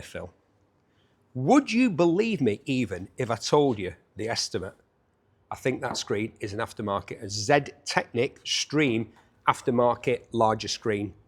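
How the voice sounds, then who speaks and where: Lively enthusiastic man presenting bikes. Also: medium pitch. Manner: chatty, enthusiastic, jokey asides. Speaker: auction preview host. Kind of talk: walkaround auction preview.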